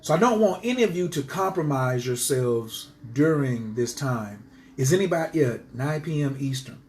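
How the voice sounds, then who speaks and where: A man's voice: mid-range voice, lively intonation, normal speed, darkish tone, a little hiss or hum. A man teaching astrology to his viewers in a casual live stream, speaking passionately and emphatically and driving his points home by repeating them.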